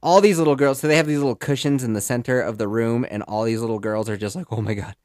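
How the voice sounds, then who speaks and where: Man, young adult, podcast host, casual storytelling, rambling, jokey, mid pitch, dry sound. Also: fairly even intonation, quick pace, darkish tone, no echo.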